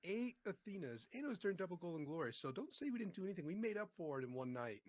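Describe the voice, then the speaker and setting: A man co-hosting a casual gaming podcast, joining in with relaxed, joking banter. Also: sits high, quick pace. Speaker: podcast co-host.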